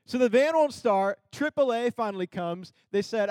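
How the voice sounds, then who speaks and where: Telling a story to a crowd in sermon style, a young man with a fairly high, darkish voice speaks at a normal speed, laughing a lot and acting out the people he quotes. The recording is close and dry with no room sound.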